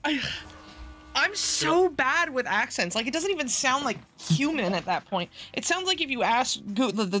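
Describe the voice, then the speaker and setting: A woman's voice: mid-range voice, a bit bright. A woman co-casting an esports match, sarcastic and self-mocking, laughing often. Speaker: esports caster. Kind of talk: casual esports commentary. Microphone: headset or desk mic in voice chat.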